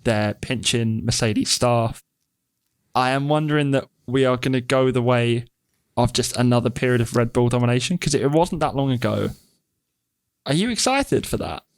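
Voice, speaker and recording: A male podcast co-host chats in a mid-pitched voice, teasing his partner and rambling a little. The sound is dry and close. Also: moderate pace, dry recording. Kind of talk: casual chat.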